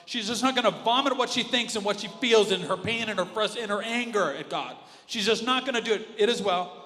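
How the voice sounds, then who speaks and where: A male pastor preaching an animated sermon, dropping to a hush and then rising loud again. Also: high-pitched, brisk. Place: church auditorium with reverb. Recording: live church audio with long reverb and music underneath. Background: worship music.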